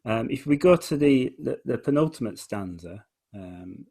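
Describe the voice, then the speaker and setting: Hosting a relaxed conversation, a musician enthusiastically breaks down poetry, reading lines aloud, emphasizing the beats, and frequently restarting phrases. He speaks at a moderate pace in an expressive, mid-range voice that is dark in tone and slightly rough.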